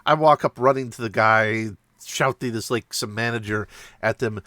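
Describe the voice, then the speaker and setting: Bright-voiced man recounting a game session. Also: mid-range voice, fairly even intonation, normal speed, no room sound, studio quality. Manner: rambling, self-mocking, laughs while telling. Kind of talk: casual storytelling.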